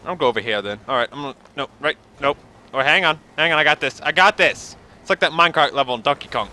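A man's voice: a little high, expressive, fast talker, sharp tone. A man rambling sarcastically and joking while commenting on his gameplay. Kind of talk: let's play commentary.

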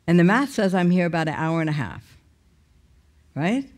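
Her lowish, sing-song voice moves at a normal speed as she tells a personal testimony with emotion and a conversational feel. Fillers and restarts are frequent, and her pitch leaps sharply whenever she repeats the angry things she said.

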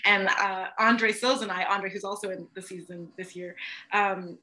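A young woman, a stage actor, telling a funny backstage story on a video call, animated and laughing often. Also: mid-range voice, normal speed. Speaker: stage actor, interview guest. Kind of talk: casual anecdote on a video call. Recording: echoey room.

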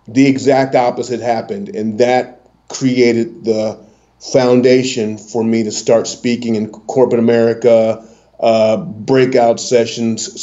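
A middle-aged man with a lifelong stutter, telling his story as a motivational speaker guest, with halting restarts. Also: mid-range voice, warm tone. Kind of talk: storytelling interview answer. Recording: dull lo-fi audio.

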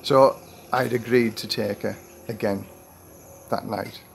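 A man's voice: on the low side, steady tone, slow, creaky, a little hiss or hum. A retired man in his sixties telling a rambling personal anecdote to camera, full of restarts and acted-out quotes. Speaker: vlogger. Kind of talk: storytelling monologue.

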